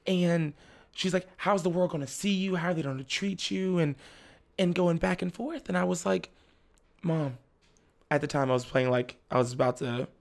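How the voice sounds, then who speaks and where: Gravelly young man telling a lively story. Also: a little high, moderate pace. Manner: animated, laughs often, slips into the voices of family members. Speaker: podcast guest. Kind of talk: casual storytelling chat.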